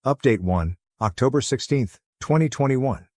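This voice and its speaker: A man narrating a first-person forum story in an even, measured way. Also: mid-range voice, dry recording, studio quality.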